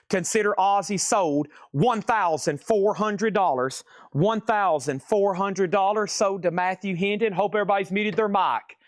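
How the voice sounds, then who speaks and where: A man's voice: sits high, no echo, studio quality. A man hosting a live online record sale, rattling off grades and prices and joking with viewers between lots. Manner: jokey, rapid price calls. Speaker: live auction host.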